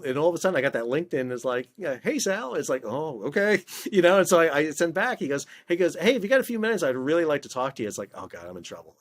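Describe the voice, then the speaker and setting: A middle-aged man, a former ship officer, telling stories in a casual interview, restarting often and acting out dialogue. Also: medium pitch. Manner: animated, many restarts, acts out quoted dialogue. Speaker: guest, maritime expert and video creator.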